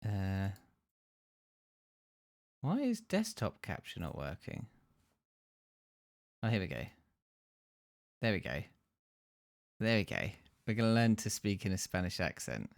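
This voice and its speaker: A man's voice: on the low side, wildly swooping pitch, unhurried, gravelly, pauses often, no room sound, clean studio sound. A British man streaming a game, chatting casually and fumbling with his screen share. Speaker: streamer playing a game with a co-host. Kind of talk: casual live-stream chat.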